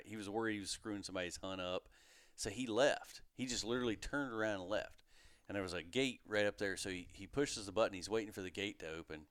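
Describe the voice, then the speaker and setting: Brief: man in his thirties, podcast guest, lively storyteller, smooth close dry sound, lowish voice. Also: dry recording. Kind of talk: casual storytelling.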